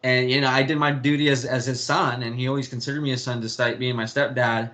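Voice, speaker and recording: A man's voice: mid-range voice, level tone, fast talker, pushed and bright. A young man talking candidly in an interview about family, rambling with restarts and the odd swear word. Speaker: interview guest. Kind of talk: candid personal storytelling.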